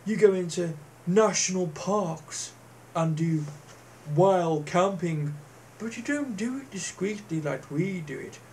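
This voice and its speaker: A man mimicking a prim male bushcraft enthusiast who scolds in a soft, reproachful way. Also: high voice, slow, a little hiss or hum.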